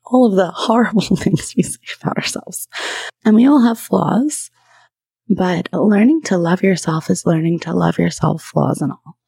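Husky, gravelly-voiced woman podcast host. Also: fairly low pitch, normal speed, mellow, no room sound. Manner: candid, chatty, laughs often. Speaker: podcast host and trauma therapist. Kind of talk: casual solo podcast talk.

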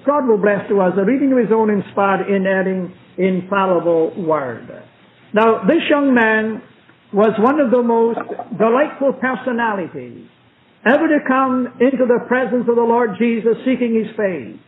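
A man preaching a sermon in church as a visiting preacher, reading scripture slowly and repeating himself for emphasis. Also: extremely high pitch, a little hiss or hum. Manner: slow, emphatic, repetitive delivery. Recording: tinny phone-like old recording.

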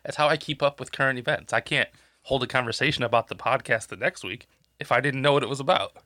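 A man's voice: mid-range voice, quick pace, pushed and bright, no echo, studio quality. A man co-hosting a podcast while sick and congested, rambling and swearing through casual chat and losing his train of thought. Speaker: podcast co-host. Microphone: podcast microphone.

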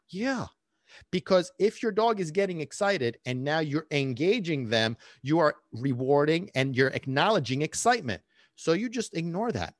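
A man's voice: fairly high pitch, no room sound, clean studio sound. A man hosting a dog-training podcast, talking bluntly and cursing, teasing listeners with quiz questions. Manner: lively, jumps between loud and hushed. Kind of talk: solo podcast talk.

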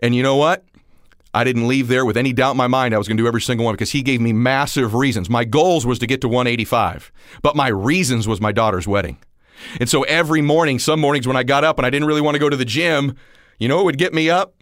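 A man in his forties giving a motivational talk, telling stories and acting out the dialogue, at times rising almost to a shout. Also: mid-range voice, fast, dry recording, clean studio sound. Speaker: motivational speaker.

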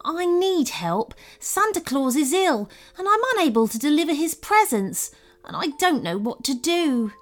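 A woman's voice: high voice, very animated, moderate pace, pitched above the performer's own voice. A woman voicing a cheerful, helpful male Christmas elf in a storybook reading, eager and pleading. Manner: eager, pleading, a little mysterious.

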